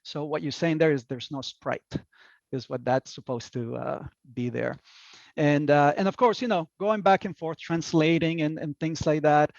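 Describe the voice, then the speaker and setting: A man gives a relaxed talk about slides, rambling a little with fillers and restarts and chuckling at his own jokes. His voice sits a bit high. The sound is dull and muffled, with a dry, close feel. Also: moderate pace, creaky, no echo. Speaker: lecturer presenting slides. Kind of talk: casual presentation talk.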